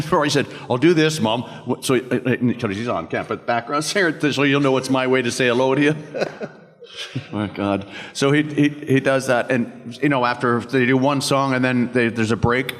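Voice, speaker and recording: A man's voice: medium pitch, normal speed, fairly bright tone. Older man rambling through stories, hall echo. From Canada. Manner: rambling, laughing through anecdotes. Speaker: guest voice actor at a convention panel. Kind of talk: storytelling at a panel Q&A. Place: convention hall. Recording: reverberant convention hall.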